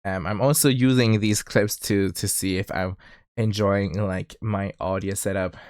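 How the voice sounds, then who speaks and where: This German-accented streamer has a lowish voice, a measured pace and a slight lisp. He chats casually, animated and giggly, with many "like" fillers. His streaming mic gives a dry, clean studio sound.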